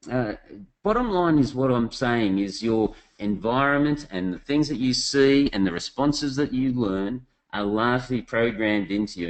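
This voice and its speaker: A man's voice: lowish voice, low-quality recording. Chatty man presenting a webinar. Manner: chatty storytelling, addresses the audience directly. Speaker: business consulting presenter.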